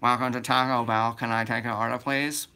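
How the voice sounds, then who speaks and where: A man's voice: mid-range voice, level tone, a little fast, bright, forceful tone, clear, resonant tone, close to an everyday voice. Strained, polite drive-thru attendant, as a man puts him on. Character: polite fast-food drive-thru worker.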